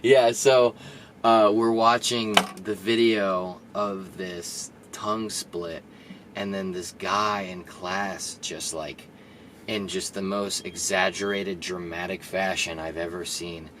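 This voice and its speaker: A young man co-hosting a podcast, laughing often and teasing his co-host as he tells animated stories, recorded on camera audio. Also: sits low, slow, a little hiss or hum. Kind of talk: casual chat.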